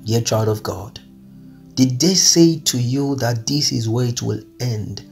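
A man preaching an earnest devotional message with a gravelly, creaky edge to his voice. His pitch sits at an ordinary middle level, and soft music plays behind him. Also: measured pace. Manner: earnest, pleading, repeats phrases. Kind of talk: devotional sermon over music.

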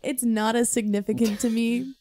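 A woman's voice: a little high, fairly even intonation, normal speed, dark tone. A young woman guesting on a family podcast, modest and brief in her replies. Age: young adult. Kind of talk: casual family podcast chat.

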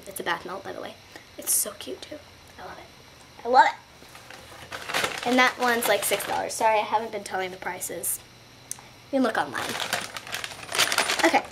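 A woman's voice: medium pitch, fairly bright tone, slight background noise. A young woman chatting casually in a haul vlog, giggling and rambling with lots of fillers and asides, speaking from home. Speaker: beauty vlogger. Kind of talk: casual haul video chat.

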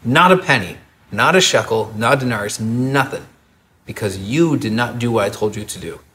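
A man's voice: mid-range voice, lively intonation, moderate pace, a little hiss or hum, lightly acted. A man playing an angry foreign king who ranted at a prophet who failed him. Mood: indignant. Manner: shouting, indignant.

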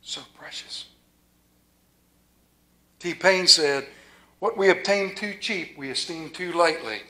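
A man preaching a sermon as a pastor, folksy and playful with a rural Maryland accent, dropping to a hushed, reverent tone. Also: high-pitched, a little slow.

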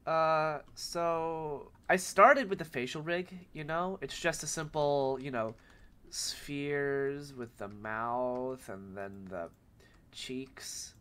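A man who is sick with a cold, speaking in a nasal voice and giving a rambling, filler-filled software tutorial. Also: a little high, steady tone, slow pace, clean tone. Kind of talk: casual screen-recorded tutorial.

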